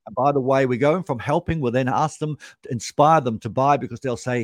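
A man's voice: mid-range voice, fairly quick, no room sound, studio quality. A man, a sales trainer explaining his method as a podcast guest, punchy and repeating key points for emphasis.

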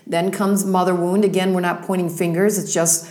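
A woman's voice: on the low side, little pitch movement, normal speed. Woman explaining steps in a roomy room. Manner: warm explanatory teaching, listing steps. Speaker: ministry leader guest. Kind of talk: podcast conversation. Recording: roomy echo.

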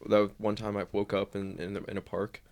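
A man's voice: lowish voice, flat delivery, brisk, a little mellow. A young man telling a travel story in a casual chat, rambling, swearing a lot and saying "like" often.

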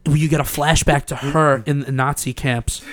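A man's voice: fairly high pitch, steady tone, normal speed, fairly bright tone. Young man rambling through a profane story. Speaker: podcast co-host. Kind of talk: casual chat. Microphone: studio mic.

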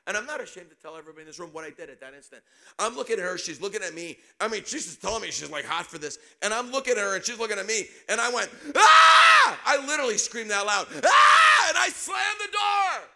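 A middle-aged man preaching a sermon, telling a personal story with animated delivery and sudden shouts. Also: sits high, quick pace, gravelly.

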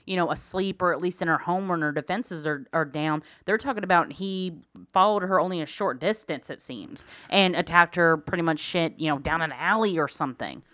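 A woman with a fairly low voice for a woman, walking through case details in a relaxed chat. She laughs easily and drops dry asides, and the sound is close and dry. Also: a little fast, hardly any pauses, no room sound. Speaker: podcast co-host. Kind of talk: casual true-crime chat.

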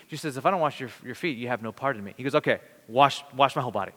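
A man preaching a sermon in an earnest, conversational way, with dramatic pauses. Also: medium pitch, pushed and bright. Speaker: pastor. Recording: long reverb of a large hall.

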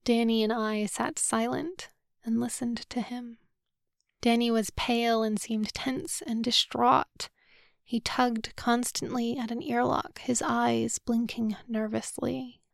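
A woman narrates a novel in the first person with a measured, solemn delivery. Her fairly high voice has a gravelly texture and stays flat, moving slowly. The recording is dry and close. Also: dry recording. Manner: measured, subdued, solemn reading. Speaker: audiobook narrator.

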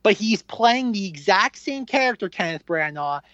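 A podcast co-host talks films in loose, animated chat, full of fillers and acted-out reactions. The recording is dull and lo-fi. It sounds dry, with no room around the voice. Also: medium pitch, normal speed, no echo. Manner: animated, rambling, filler-heavy, acts out own reactions. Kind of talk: casual film review chat.

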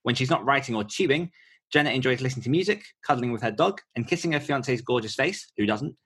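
A man's voice: mid-range voice, expressive, fairly bright tone, slightly rough. A man hosting a podcast interview in an upbeat, playful manner. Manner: upbeat, playful, quick to laugh. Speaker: podcast host.

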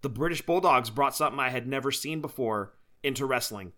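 Chatty co-host, male, bright and eager, upbeat casual podcast talk. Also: mid-range voice, a little fast. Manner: enthusiastic, chatty, laughs often. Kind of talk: casual chat.

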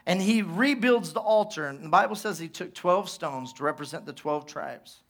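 A male pastor delivers a sermon in a high-pitched voice. His tone is bright and ringing, and he tells the story with lively asides, acting out the characters' lines as he goes. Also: moderate pace.

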